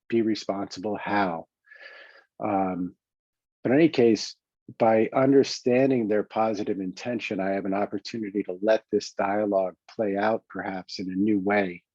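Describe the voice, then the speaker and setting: A man with a New York accent, a coach talking through self-help exercises in a calm, reflective way with many pauses and restarts. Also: fairly low pitch, dry recording, highs cut off. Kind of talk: self-help teaching talk.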